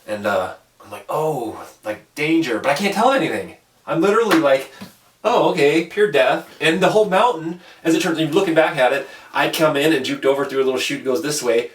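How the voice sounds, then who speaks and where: A man spins a rambling, profane ski story at an ordinary pitch, jumping into the voices of his own past reactions. He sits a little back from the mic in a roomy, echoing space. Faint noise hums under the talk. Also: lively intonation, quick pace, distant mic. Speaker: podcast host telling a story. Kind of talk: casual storytelling over beers.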